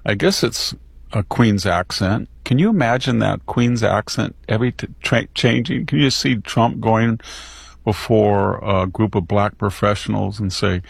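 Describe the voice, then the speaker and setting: Gravelly, husky man ranting. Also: lowish voice, measured pace, no echo, clean studio sound. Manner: animated, mimics politicians' voices in quotes. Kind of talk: opinionated political talk.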